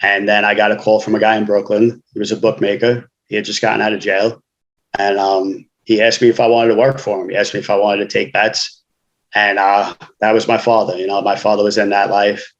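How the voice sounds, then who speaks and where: A man's voice: lowish voice, little pitch movement, fairly quick, lo-fi sound. A man, a guest author telling his life story frankly in casual conversation, often saying "you know".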